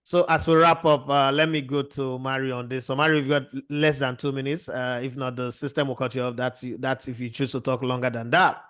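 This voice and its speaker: A man's voice: medium pitch, fairly even intonation, fairly quick, few pauses, fairly bright tone, smooth. A man hosting a heated football discussion, firing rhetorical questions at his guests. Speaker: host. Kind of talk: heated sports debate.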